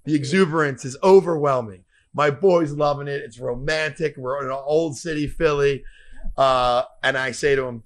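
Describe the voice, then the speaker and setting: A man's voice: medium pitch, normal speed. A man hosting a comedy podcast who tells a rambling story with lots of profanity.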